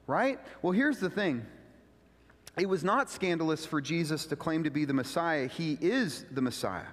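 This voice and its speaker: A man preaching a sermon as pastor, moving from quiet teaching to loud, fervent proclamation. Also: fairly high pitch, lively intonation, normal speed. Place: church sanctuary. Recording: long hall reverb.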